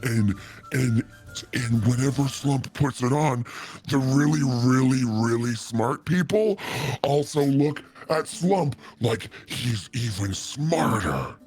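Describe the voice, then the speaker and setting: Man voicing an excitable simple adventurer, slow and bouncy, faint music behind. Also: medium pitch, husky, full character voice. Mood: eager. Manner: childlike, eager, refers to himself by name. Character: excitable simple-minded male adventurer speaking of himself in third person.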